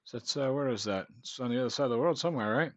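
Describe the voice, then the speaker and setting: A man's voice: mid-range voice, rapid-fire, no room sound, highs cut off. A man with an American accent hosting a reaction video, making sarcastic, profane comments.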